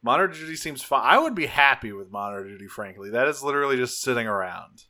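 A man with a bright, forceful voice co-hosts a casual podcast. He recaps a cartoon episode, swears often and jumps into quick impressions of the characters. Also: mid-range voice. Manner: profane, animated, acts out characters' lines. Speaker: podcast co-host.

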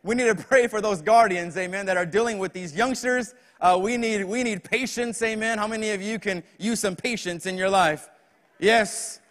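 A pastor preaches in a high, bright tenor, folksy and joking, drawing amens from his congregation. His voice rings out through the long reverb of a church hall. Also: normal speed. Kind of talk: sermon.

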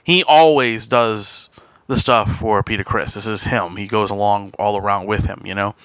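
A man's voice: lowish voice, fairly even intonation, moderate pace, fairly bright tone, no echo. A man hosting a podcast, telling a long casual story with frequent restarts and quoted asides. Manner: rambling anecdote with laughs and quoted asides. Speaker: podcast host.

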